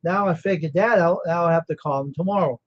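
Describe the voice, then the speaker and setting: This screen printer talks fast on his casual livestream, sounding tired and yawning but sure of himself. His voice is a little high, he rambles, and he calls viewers by name, all in dull, lo-fi sound.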